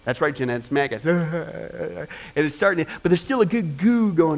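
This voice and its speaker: A man with a high voice leads a Bible class in a loose, conversational style. He is animated and quick to joke, and he tells vivid stories as he teaches. He speaks into a microphone. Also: gravelly, low-quality recording. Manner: animated and joking, with vivid asides.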